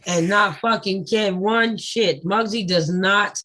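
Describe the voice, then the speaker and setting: A woman hosting a casual livestream panel chat, blunt and quick to swear and laugh. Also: medium pitch, sharp tone, poor audio. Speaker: panel host.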